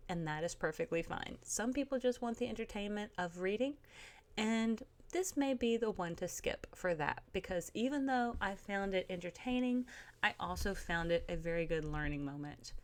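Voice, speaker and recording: A woman giving a casual spoken book review, earnest and careful, often pausing with um and restarting her sentences. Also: mid-range voice, animated.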